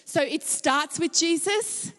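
A woman's voice: sits high, slow pace, fairly bright tone. A woman preaching a sermon to a congregation in a room, talking in a conversational way and often asking "can I just say". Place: large room with a gathered congregation. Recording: long hall reverb.

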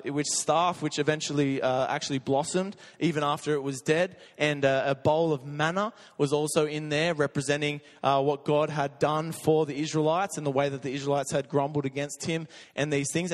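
A man preaching in a church, telling a lively story with frequent laughter. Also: fairly high pitch, normal speed, few pauses. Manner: energetic storytelling, laughs often. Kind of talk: sermon. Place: church hall. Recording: long echo of a church hall.

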